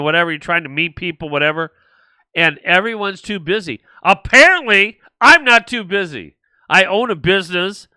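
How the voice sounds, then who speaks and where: Older male political talk host, blunt and rambling, smooth clear voice, dry close sound. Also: sits high, sharp tone, no room sound. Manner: blunt, rambling, mocking mimicry. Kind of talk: political commentary.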